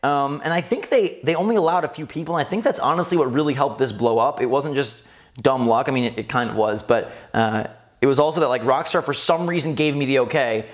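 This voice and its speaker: A man hosting his gaming channel, reminiscing in casual commentary and jumping up high when amused. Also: quick pace. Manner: animated, rising to high squeals when amused. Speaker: gaming YouTuber host.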